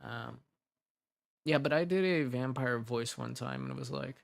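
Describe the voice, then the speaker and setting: A man's voice: medium pitch, normal speed, creaky, no room sound, clean studio sound. A young man, an audio drama creator, chatting casually and brainstorming ideas, rambling and laughing as he cuts himself off. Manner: rambling, giggly, self-interrupting.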